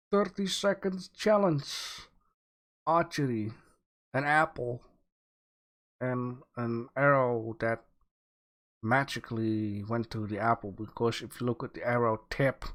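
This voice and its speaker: A man hosting a livestream, giving relaxed art feedback with many fillers, thinking aloud as he goes. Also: medium pitch. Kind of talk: casual livestream commentary.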